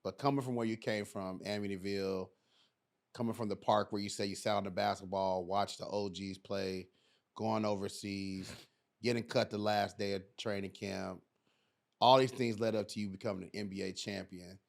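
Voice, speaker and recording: Man, podcast host, low voice, gravelly, measured interviewer. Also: fairly even intonation. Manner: measured, recapping before asking. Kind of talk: interview questions.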